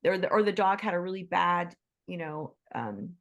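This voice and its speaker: A woman hosts an online group session, chatting casually and enthusiastically with plenty of restarts and asides, and she acts out quoted voices in bursts. Her voice is lowish with lively intonation, and she speaks at a normal speed.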